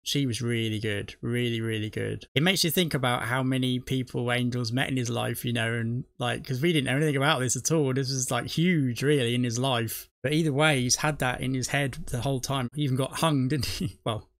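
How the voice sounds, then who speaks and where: Chatty man with gravelly voice. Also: medium pitch, fairly even intonation, fairly quick, hardly any pauses, no echo, clean studio sound. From not from the US. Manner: chatty, rambling, laughs often, self-correcting. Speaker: reaction video host. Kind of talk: casual chat.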